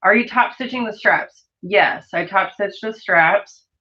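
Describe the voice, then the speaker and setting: A woman's voice: medium pitch, a little slow, bright, forceful tone, muffled recording. A woman hosting a sewing livestream, chatting casually and reading viewer comments aloud as she works.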